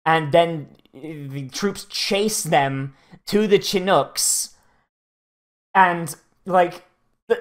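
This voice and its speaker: Male reaction host, slightly high voice, rambling and sweary, lots of restarts. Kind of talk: casual profane commentary.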